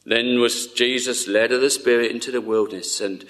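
A man preaching a sermon in an earnest, tender way, often dropping to a hush. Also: mid-range voice, steady tone, moderate pace.

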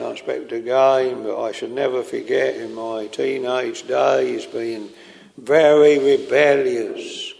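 Older preacher, gravelly, slow and earnest, chapel reverb. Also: male voice, mid-range voice, darkish tone. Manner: slow, earnest storytelling, drawn-out quoted lines. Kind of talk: sermon. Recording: long hall reverb.

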